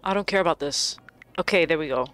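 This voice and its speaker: A young woman giving casual, excitable commentary while playing a video game, laughing and shrieking often. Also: low-pitched, quick pace. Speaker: gaming streamer.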